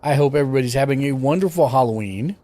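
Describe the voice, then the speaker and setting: A man's voice: mid-range voice, quick pace, mellow, faint music behind. A man hosting a casual gaming stream, chatting and greeting viewers by name. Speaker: streamer host.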